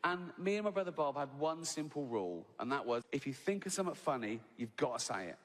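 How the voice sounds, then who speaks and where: This time the sixty-something English comic sounds a little high, sing-song, quick and rather bright as he works the big theatre crowd, cursing, tacking on "right?" and chuckling at his own tale. The hall is reverberant, with faint ambience and a bit of background noise.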